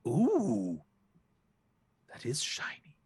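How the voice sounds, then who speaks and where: A man voicing a pompous, greedy male goose king who dotes on shiny things, in a husky voice. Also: mid-range voice, wildly swooping pitch, drawn-out words, darkish tone, no echo, heavily acted. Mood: puzzled. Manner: regal, doting over shiny things.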